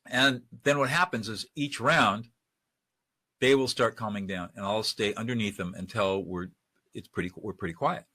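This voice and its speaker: Casting: male webinar trainer, bright forceful voice, conversational, dry close-mic sound. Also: lowish voice, slightly rough, no room sound. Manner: conversational, demonstrates lines by acting them out. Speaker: de-escalation trainer. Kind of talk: webinar lecture.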